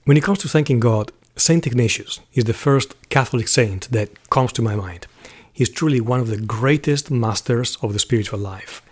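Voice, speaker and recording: A man's voice: mid-range voice, breathy edge. Earnest man. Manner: earnest, heartfelt, reads verse slowly with soft whispered passages. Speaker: host of a Catholic channel. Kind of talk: reflective talk and poetry reading.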